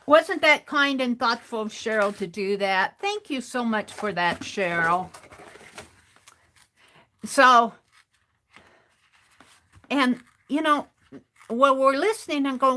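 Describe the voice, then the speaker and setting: A woman's voice: on the high side, animated, slow, pauses often, bright, forceful tone. A woman hosting a craft stream, telling a rambling, chatty story in a casual way and often restarting her phrases.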